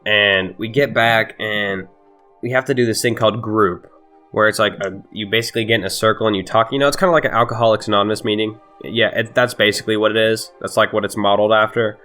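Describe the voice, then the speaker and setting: Low-voiced young man, profane storytime. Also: fairly even intonation, fast talker, sharp tone, soft background music. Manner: profane, laughing, heated retelling. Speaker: vlogger. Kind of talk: casual storytime.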